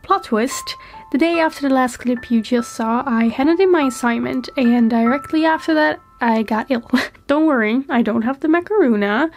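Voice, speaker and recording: A woman's voice: high-pitched, normal speed, soft background music. A young woman talking casually as a book vlogger, chatty and laughing often, her voice stuffy from a heavy cold. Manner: chatty, laughs often, reads passages aloud. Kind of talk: casual vlog talk and voice-over.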